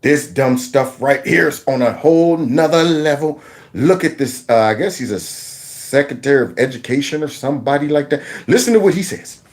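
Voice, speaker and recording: Mocking, animated male commentator. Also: a little high, moderate pace. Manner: mocking, animated, laughs often, breaks into sung lines. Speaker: political commentary host. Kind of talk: opinionated commentary vlog.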